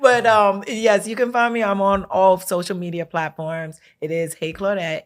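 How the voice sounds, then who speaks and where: A woman's voice: mid-range voice, steady tone, moderate pace, hardly any pauses. A woman from Brooklyn, a realtor chatting casually as an interview guest, giggling often and using slang. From Brooklyn, New York.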